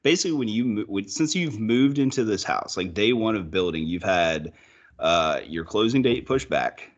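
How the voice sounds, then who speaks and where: A man's voice: lowish voice, lively intonation, moderate pace. A man in casual chat who prompts his friend's story and laughs along. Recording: dull lo-fi sound.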